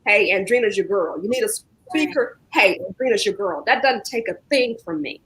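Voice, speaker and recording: A woman hosting a live online talk show over a video call, chatting warmly and encouraging her guest. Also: mid-range voice, animated, normal speed, poor audio. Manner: warm churchy encouragement, says y'all often. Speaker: host.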